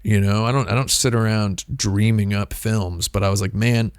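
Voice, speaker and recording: A man's voice: lowish voice, steady tone, moderate pace, dry recording, studio quality. A man hosting a casual livestream, rambling and wry, often breaking off and restarting his sentences. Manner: rambling, self-interrupting, wry asides. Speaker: streamer host.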